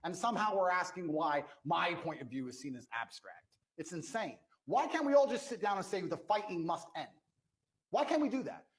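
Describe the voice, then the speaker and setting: A man speaks with a high, swooping voice that climbs and drops through wide turns. He argues as a guest in a heated debate, forceful and indignant, hammering the same points again and again. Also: expressive, a little fast, poor audio. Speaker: interview guest.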